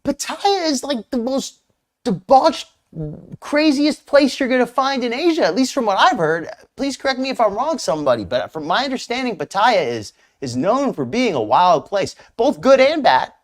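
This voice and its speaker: A man's voice: very high-pitched, big pitch swings, normal speed. A man hosting a live stream, commenting casually on a clip in a rambling, hesitant way with many restarts. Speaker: streamer host reacting to a clip.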